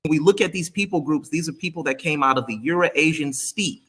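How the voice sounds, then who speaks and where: A man calling into an online debate, calmly and persistently repeating his question. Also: fairly high pitch, fairly quick, slightly rough. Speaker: debate caller. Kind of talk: livestream debate.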